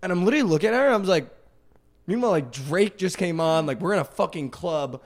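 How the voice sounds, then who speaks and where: A young man on a podcast telling a wild night-out story with loose, animated energy. He leans on "like" and "dude" constantly and acts out the other people's lines. His voice sits a little high. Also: fast. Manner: animated, heavy use of "like" and "dude", acts out quotes. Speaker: podcast co-host. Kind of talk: casual storytelling chat.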